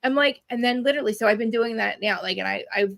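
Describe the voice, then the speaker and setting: Fast-talking New Jersey woman. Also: a little high, gravelly. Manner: fast, animated, laughing, swears freely. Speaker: podcaster guest. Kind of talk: casual chat. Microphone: video call.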